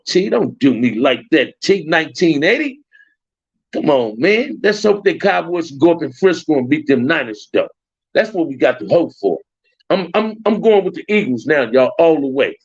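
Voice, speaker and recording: A man's voice: a little high, expressive, normal speed, husky, no echo. Slangy Los man streaming live. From Compton, Los Angeles. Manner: loose, slangy, repeats phrases. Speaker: livestream host. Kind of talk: casual livestream chat with viewers. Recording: dull, dry lo-fi stream audio.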